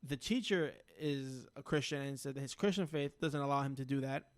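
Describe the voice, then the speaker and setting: A man's voice: mid-range voice, fairly quick. A man co-hosting a podcast, reading news aloud and chatting bluntly with jokes and swearing. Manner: blunt, joking, swears freely. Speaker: podcast co-host.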